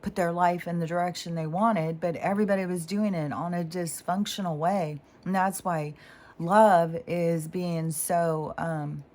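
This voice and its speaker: A woman's voice: lowish voice, steady tone, a little slow, darkish tone. A woman speaking in a casual spiritual monologue, rambling and interrupting herself as she tells a story. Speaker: spiritual vlogger. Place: home near mountains in Washington State.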